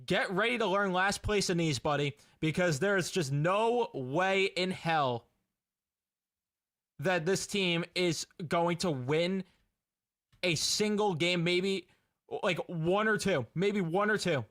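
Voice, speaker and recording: A man's voice: high voice, slow, a bit bright. A young man ranting in a casual fan reaction video, exasperated and laughing in disbelief.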